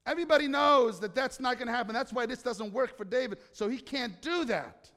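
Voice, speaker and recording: A man with a notably high voice preaches a sermon, chatting and joking with his listeners and quizzing them as he goes. His words ring out with a long reverb, as if heard in a big hall. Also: fairly quick, pushed and bright. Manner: conversational, joking, quizzes the congregation. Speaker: pastor.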